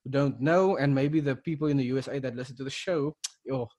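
This South African podcast co-host speaks fairly quickly in a medium-pitched voice with a darkish tone. Recounting events casually, he rambles and leans heavily on fillers and restarts.

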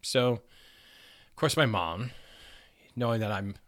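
A man's voice: on the low side, slow pace. A man hosting a podcast and telling a comic anecdote in a profane way, breaking into laughter. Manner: animated, profane, laughing storyteller. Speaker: podcast host telling a story. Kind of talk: comedic anecdote.

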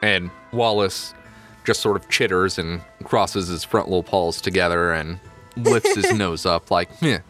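Deep-ish male game master, loose and chatty narration, faint music bed. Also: a little slow, fairly bright tone.

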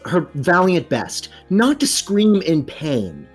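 A man serving as game master for a tabletop game, narrating in a playful manner. His pitch swings widely as he talks. Soft music plays faintly behind him. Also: wildly swooping pitch, slow pace.

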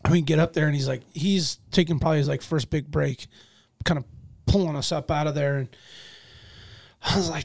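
A man telling a hunting story in casual chat, animated, acting out moments with loud and hushed swings. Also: a little high, a little fast, creaky, pauses often.

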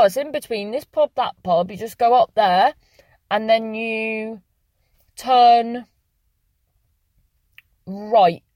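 A woman's voice: mid-range voice, darkish tone, no echo. Young woman, casual vlogger, rambling and sweary, dry in-car sound. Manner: rambling, swears freely, chatty. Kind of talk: casual chatty vlog monologue. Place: sitting in a parked car.

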